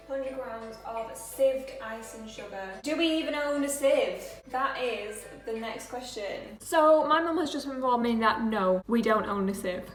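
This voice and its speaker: A young woman chatting to camera while she bakes in her home kitchen, self-mocking and casual. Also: fairly high pitch. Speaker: vlogger. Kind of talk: casual chatty baking vlog. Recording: echoey kitchen with faint noise.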